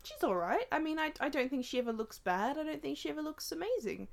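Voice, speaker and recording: A woman's voice: sits high, sing-song, fast, creaky, slight background noise. Dry, teasing woman co-host. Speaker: podcast co-host. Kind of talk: casual podcast chat.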